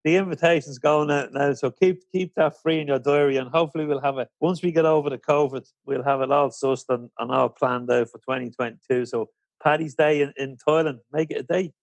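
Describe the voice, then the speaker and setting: A man hosts a fan podcast and puts questions to his guest with easy banter. His voice sits a little on the high side and sounds close and dry, with no room around it. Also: steady tone, brisk, no echo. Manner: friendly, bantering interviewer. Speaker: podcast host. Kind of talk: casual interview chat.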